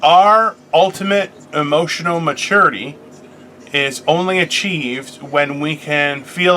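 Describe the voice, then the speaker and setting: A man's voice: fairly high pitch, pushed and bright, a little hiss or hum. A young man co-hosting a casual podcast, joking, teasing his co-host and rambling through offbeat theories.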